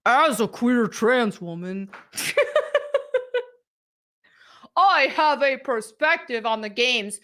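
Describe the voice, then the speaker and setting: A woman's voice: fairly high pitch, animated, takes it slowly, sharp tone, heavily acted. A woman doing a sarcastic mock of a male writer. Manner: sarcastic, exaggerated. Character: mocking impression of a male article writer.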